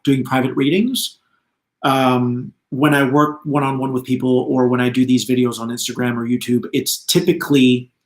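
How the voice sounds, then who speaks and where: A man hosting a live spiritual talk, chatty and animated, laughing often as he speaks. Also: medium pitch, reverberant. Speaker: spiritual channeler, host.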